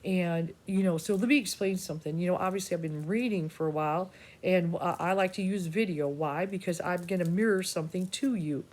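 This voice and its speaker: Brisk and with few pauses, a woman with a fairly low, somewhat mellow voice, a psychic reader, chats casually to her viewers. She swears freely and keeps restarting sentences, her monologue rambling and personal, scattered with asides.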